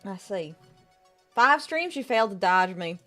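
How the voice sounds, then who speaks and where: A woman's voice: medium pitch, a little slow, soft background music. A woman streamer putting on a folksy American Southern accent while greeting her chat. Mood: playful. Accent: put-on American Southern. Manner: lively, drawling, greets viewers with howdy. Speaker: game streamer. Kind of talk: casual live-stream chat.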